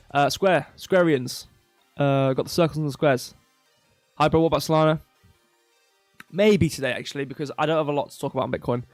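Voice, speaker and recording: Rambling male crypto streamer, slightly hoarse. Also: on the high side, no echo. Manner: rambling, self-interrupting, reads chat aloud. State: losing his voice, coughing. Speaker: crypto livestream host. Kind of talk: casual livestream chat. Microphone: desk mic.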